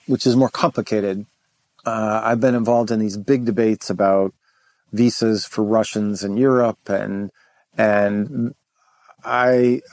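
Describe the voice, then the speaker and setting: A man's voice: fairly low pitch, darkish tone, no room sound. A middle-aged American man answering interview questions thoughtfully, with frequent restarts and fillers. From United States. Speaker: interview guest, former ambassador.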